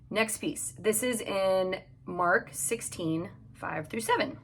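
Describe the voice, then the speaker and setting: There's noisy background behind this woman's mid-range voice as she slowly works through casual devotional Bible teaching. She hosts a podcast from a home closet, chatting and reading scripture aloud.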